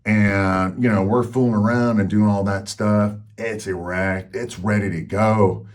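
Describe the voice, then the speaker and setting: A man's voice: lowish voice, steady tone, measured pace. A man hosting a health channel, telling a personal story in a frank, rambling way with lots of fillers.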